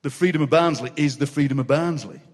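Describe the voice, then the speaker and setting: A lively Yorkshireman in his 60s, appearing as a guest poet in a live interview, tells animated, laughing anecdotes complete with voices. He talks fast in a slightly high voice. The comic storytelling takes place before a live audience in a large city hall, and the recording has a reverberant hall sound.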